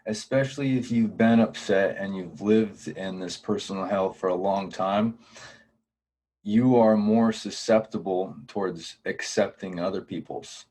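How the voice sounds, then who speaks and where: A man's voice: deep voice, fairly even intonation, measured pace, warm tone. A man speaking as a podcast guest in casual conversation, earnest and reflective.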